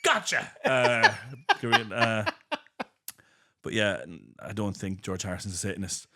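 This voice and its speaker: A man with a low-pitched voice hosts a comedy podcast in loose conversation. He rambles through anecdotes and acts out what people said along the way. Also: a little slow, bright, forceful tone. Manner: rambling storyteller, acts out quotes. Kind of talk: casual comedic chat.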